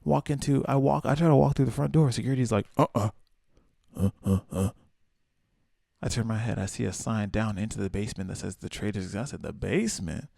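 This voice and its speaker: A young man from the American South hosting a casual solo podcast, telling stories with swearing and playful high-pitched asides. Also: quick pace, vocal fry, hardly any pauses, dry recording, studio quality. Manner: animated storyteller, swears freely, acts out quotes in high voices. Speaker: podcast host.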